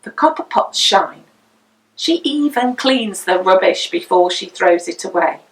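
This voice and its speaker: A woman reading a picture book aloud as a storyteller, with an expressive, sing-song delivery, slightly distant from the mic. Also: medium pitch, measured pace.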